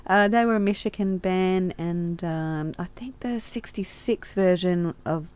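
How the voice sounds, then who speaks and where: A woman's voice: fairly low pitch, measured pace, darkish tone, clean tone. A woman co-hosting a radio show, bantering casually and laughing often. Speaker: radio co-host. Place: radio studio.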